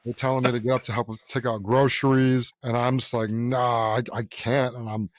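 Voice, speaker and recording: A man's voice: mid-range voice, flat delivery, fast, no echo, studio quality. A young man co-hosting a podcast, talking bluntly and profanely in casual chat and acting out the people in his stories. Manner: blunt, profane storyteller who acts out voices. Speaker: podcast co-host.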